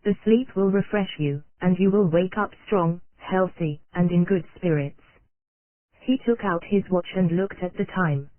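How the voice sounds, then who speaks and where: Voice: mid-range voice, measured pace, dry recording. Tinny, machine-read audiobook narrator. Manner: steady, unvaried reading that spells out abbreviations letter by letter. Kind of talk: audiobook narration of an old nonfiction text. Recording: dry, tinny phone-like sound.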